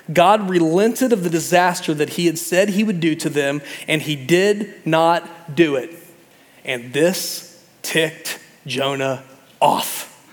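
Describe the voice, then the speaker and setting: High-voiced pastor with a humorous touch. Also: male voice, big-room sound. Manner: conversational and humorous, acting out voices. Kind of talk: sermon.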